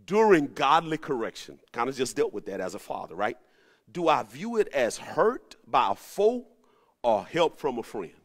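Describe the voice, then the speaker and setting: A man preaching a sermon, animated, rising to emphatic peaks and dropping to low asides. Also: moderate pace. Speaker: pastor. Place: at home during the pandemic.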